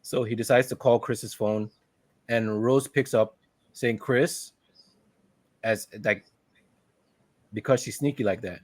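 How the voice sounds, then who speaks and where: A man's voice: medium pitch, fairly even intonation, slow pace, pauses often, dry recording. A man co-hosting a podcast, casually retelling a film's plot, quoting characters and laughing often. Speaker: podcast co-host. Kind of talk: casual movie recap.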